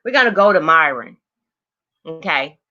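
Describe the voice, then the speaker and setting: A woman's voice: low voice, animated, normal speed, dull audio. An older woman hosting a livestream, greeting viewers by name and then launching into a blunt, heavily profane, angry rant at her chat. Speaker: livestream host.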